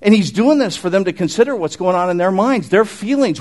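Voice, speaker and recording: Animated male preacher, lively pitch. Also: normal speed, hardly any pauses. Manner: animated, conversational preaching with asides to the congregation. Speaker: pastor. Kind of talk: sermon.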